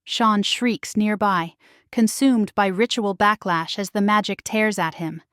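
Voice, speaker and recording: Slow, dry-voiced woman narrating romance. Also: mid-range voice, fairly even intonation, fairly bright tone, no room sound. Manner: dramatic, intimate storytelling. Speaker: audiobook narrator. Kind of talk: first-person romance story narration.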